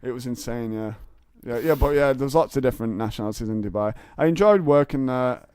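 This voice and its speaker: Young man, casual storytelling, rambling with fillers, smooth clear voice, dry close sound. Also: medium pitch, brisk, darkish tone, dry recording. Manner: rambling anecdotes with many fillers and restarts. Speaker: podcast guest, comedian.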